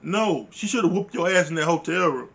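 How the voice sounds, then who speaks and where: A man's voice: on the high side, expressive, a little fast, creaky, fairly bright tone. A man giving a casual recap of a reality show, blunt, profane and exasperated, with informal grammar. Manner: uses informal dialect grammar. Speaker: reality TV reviewer.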